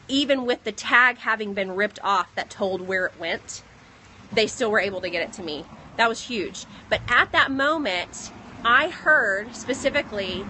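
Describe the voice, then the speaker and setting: A pregnant woman telling a personal story in a casual vlog, recorded outdoors on a phone in the rain, animated as she retells what others said. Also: mid-range voice, poor audio. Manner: earnest, animated retelling with quoted dialogue. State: pregnant, second trimester. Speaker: vlogger. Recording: faint outdoor noise, rain.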